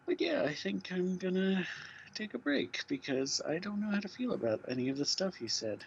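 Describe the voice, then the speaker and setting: A deadpan man streaming a game, his banter dry and mock-weary, with a gravelly, fry-heavy voice. His mic sounds a little dull and lo-fi, with faint hiss underneath. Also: high voice, moderate pace. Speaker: let's play streamer. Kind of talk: casual gaming banter.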